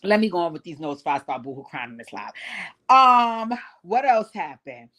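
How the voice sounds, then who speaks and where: A woman hosting a livestream, giving a blunt, profane, animated recap of reality TV. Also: lowish voice, moderate pace. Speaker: host.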